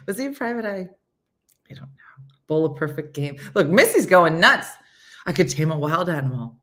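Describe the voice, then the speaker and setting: A woman hosting a casual live chat and reading viewer comments, playful and animated, slipping into silly high voices and hushed whispers. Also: a little fast. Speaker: host.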